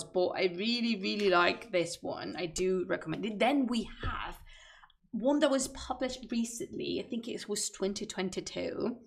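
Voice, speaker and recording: A woman's voice: mid-range voice, gravelly. A woman chatting casually on a livestream, enthusiastic and a bit rambling, with fillers. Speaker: streamer.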